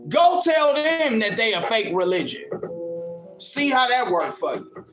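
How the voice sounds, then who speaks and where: A man's voice: extremely high pitch, very animated, measured pace, roomy sound, music in the background. A man hosting a livestream, taunting and mocking a commenter in a combative rant. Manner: taunting, mocking, combative, laughs at his critic. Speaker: livestream host answering commenters. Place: in Ohio.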